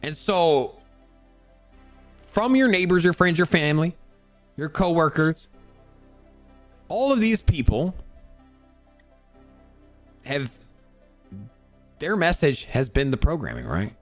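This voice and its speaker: A man hosting a crypto show, ranting in a casual motivational way, animated and full of repeated words, acting out other people's voices. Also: on the high side, slow pace, pauses often, no echo, soft background music. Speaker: crypto channel host.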